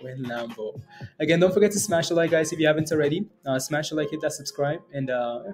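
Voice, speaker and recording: A man's voice: fairly high pitch, fairly even intonation, quick pace, soft background music. A man hosting a day-trading livestream, rambling casually with many fillers and short laughs as he reads the chat. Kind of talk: casual live-stream commentary.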